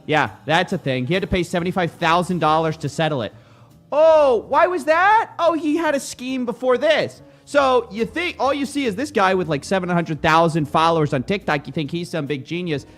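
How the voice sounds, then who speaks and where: A man's voice: high voice, a little fast, hardly any pauses, soft background music. A young man hosting a show, giving sarcastic, jokey commentary on video clips. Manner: mocking, animated, jokey. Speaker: host.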